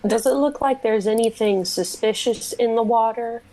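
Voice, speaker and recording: A woman with a somewhat high voice takes part in a tabletop game. She talks through her plans out loud and reassures her fellow players, keeping the tone casual. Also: normal speed, a little hiss or hum, low-quality recording.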